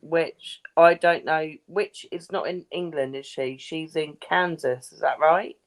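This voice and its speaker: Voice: medium pitch, measured pace. A speaker in a casual online chat, blunt and sweary, making brief remarks.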